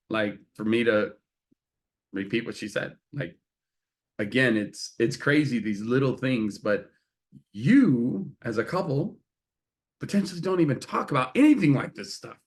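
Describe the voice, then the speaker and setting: Earnest man co-hosting a chat show. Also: medium pitch. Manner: earnest, confessional, acts out quoted exchanges. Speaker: co-host. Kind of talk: casual chat.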